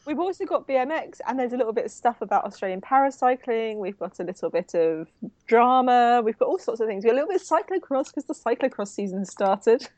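A woman's voice: a little high, expressive, quick pace, a little mellow, dry recording. A woman with an English accent co-hosting a casual chat, laughing often and stumbling over her words. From England. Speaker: podcast co-host.

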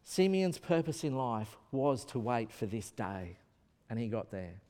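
A man's voice: medium pitch, sing-song, measured pace, dark tone. A man preaching a sermon in a conversational way, asking his listeners questions. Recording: echoey hall.

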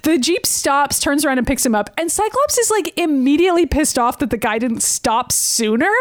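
A woman's voice: high voice, animated, normal speed, no echo, studio quality. Wry, chatty woman recapping cartoons. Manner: chatty, wry, swears casually. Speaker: podcast co-host. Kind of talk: casual recap chat.

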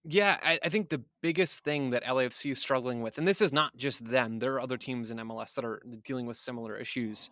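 A man's voice: medium pitch, fast, hardly any pauses, fairly bright tone, dry recording. A man in the guest chair of a podcast, breaking down tactics in casual, thinking-aloud analysis. He restarts sentences as he works out his points. The recording is close and dry, with no room sound. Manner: thoughtful, speculative, restarts often.

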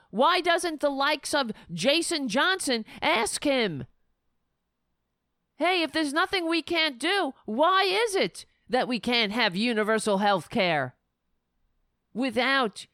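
A woman hosting a political talk show, tired and sleepy, sliding into sarcastic, animated rants. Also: high-pitched, slow, no room sound, clean studio sound. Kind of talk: casual political commentary.

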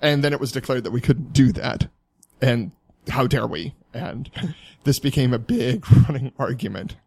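A young man telling a college story in casual chat, animated and laughing often as he acts out quotes. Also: medium pitch, moderate pace, vocal fry, husky, dry recording.

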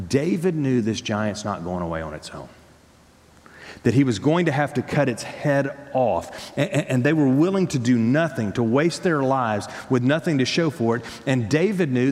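A man's voice: mid-range voice, normal speed. A man preaching a sermon as pastor, emphatic, repeating words and restarting phrases. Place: church sanctuary. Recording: long hall reverb.

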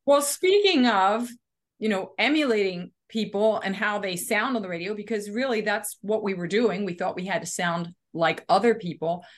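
A woman from the Philadelphia area co-hosts a relaxed podcast, asking questions in a friendly way. Her voice sits at a middle pitch. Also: moderate pace. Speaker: podcast co-host. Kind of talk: casual podcast chat.

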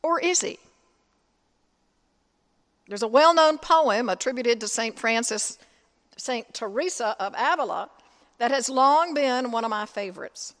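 A woman priest giving a sermon, deliberate and measured, with dramatic pauses. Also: on the high side, expressive, a bit bright, in a large hall. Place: church.

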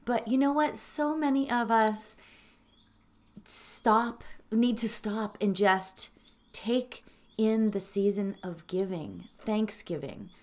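Opening a guided meditation, this woman talks in a mid-range voice, her delivery earnest and emotional. She pauses haltingly, sounds close to tears, and laughs softly now and then.

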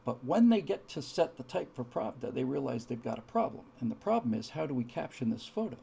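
A man hosting a history talk, an animated storyteller who acts out the punchlines. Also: mid-range voice, a little fast, vocal fry, slightly rough. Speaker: podcast host telling historical jokes. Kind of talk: storytelling lecture.

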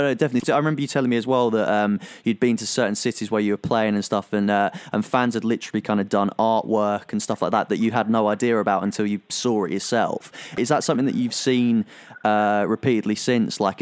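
A man's voice: on the low side, steady tone, fast, clear, resonant tone, no echo. A man hosting an interview, asking long, wandering questions in a casual chat. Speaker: interviewer, host.

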